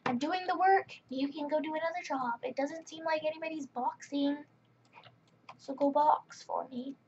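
A woman's voice: high voice, steady tone, normal speed, a little mellow, slight background noise. A woman giving casual, chatty running commentary while playing a game, often exasperated with other players. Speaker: gaming channel host. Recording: dull lo-fi mic with faint keyboard clicks.

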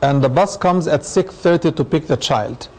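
Mellow-voiced imam giving a talk. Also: male voice, on the high side, moderate pace, poor audio. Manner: explanatory, uses anecdotes and acted quotes. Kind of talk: lecture with audience questions.

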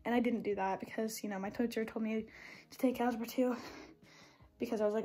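A woman's voice: on the high side, steady tone, racing, dark tone, breathy edge. A teenage girl, chatting in a rambling, filler-heavy way while vlogging into her phone from her car. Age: teens. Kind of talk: casual vlog chat. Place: inside a parked car. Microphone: phone camera.

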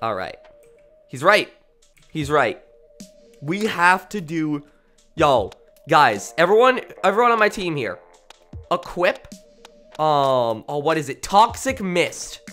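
A man streaming a game and commentating live, with a bright, forceful tone and a pitch that swings all over the place. He is jokey and excitable, breaking into loud yelps and then dropping to low mumbles. Game music plays faintly behind him. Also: takes it slowly, pauses often. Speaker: gaming streamer.

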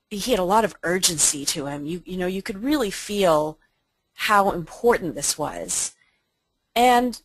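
A woman's voice: on the low side, no echo, rough recording. A woman giving a webinar presentation in an earnest, enthusiastic way.

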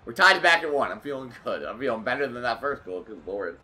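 A young man commentating his own hockey video game match, getting excitable and frustrated at the game. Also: mid-range voice, fast talker. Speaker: gaming YouTuber. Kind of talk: live gameplay commentary.

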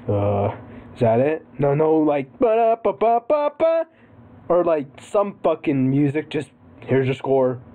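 A woman's voice: deep voice, very animated, slow pace, phone-quality sound. A woman giving casual let's-play commentary, swearing, laughing and rambling playfully. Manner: profane, giggly, rambling and playful. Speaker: gaming commentator. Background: game music.

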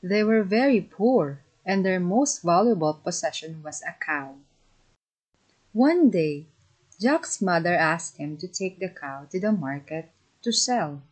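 A woman narrating a children's fairy tale in a slow, simple storybook manner. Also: on the low side, lively intonation, darkish tone, slightly rough, poor audio.

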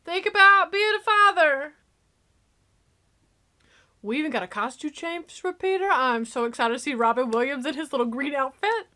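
A woman giving excitable, gushing casual commentary while reacting to a movie. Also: high-pitched, normal speed.

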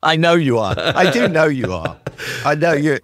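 With a voice a little on the high side and a normal speed, a British podcast host chats casually and with animated enthusiasm. He acts out the prompts he types to his tools, and the recording has no echo.

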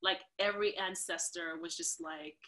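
A woman from New York, a dancer guesting on a podcast, telling a story in a casual, animated way. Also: lowish voice, moderate pace. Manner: animated, acts out the people in her stories.

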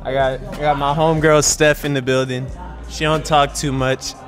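Relaxed slangy man in a shop. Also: mid-range voice, moderate pace, faint music behind. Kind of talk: casual chat. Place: sneaker store.

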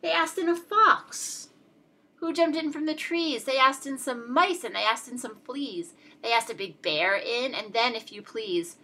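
A woman reading a rhyming picture book aloud in a lively, expressive, sing-song way. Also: on the high side, slightly rough. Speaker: storyteller.

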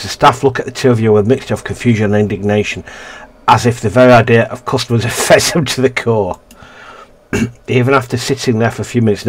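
A man's voice: lowish voice, husky. A man casually reading a narrative game's text aloud and commenting, often stumbling and correcting himself. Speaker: let's-play gamer.

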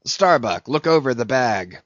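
A grim old sea captain barks out orders in a gruff, commanding voice, as a male audiobook narrator puts him on. The storybook skipper sounds stern and brooding. The recording is muffled and dry. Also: medium pitch, lively intonation, unhurried, fairly bright tone, dry recording.

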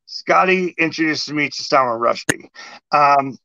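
Middle-aged male host, animated storyteller; slightly high voice, muffled lo-fi recording. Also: unhurried, gravelly, no echo. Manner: animated storyteller acting out exchanges. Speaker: podcast host. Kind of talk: casual chat. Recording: dull lo-fi sound.

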